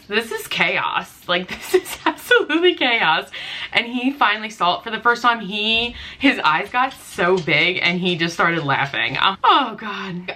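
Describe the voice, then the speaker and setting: Bright-voiced chatty woman vlogger. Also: lowish voice. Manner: chatty, frequent "like", laughs easily. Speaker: beauty vlogger. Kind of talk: casual storytime.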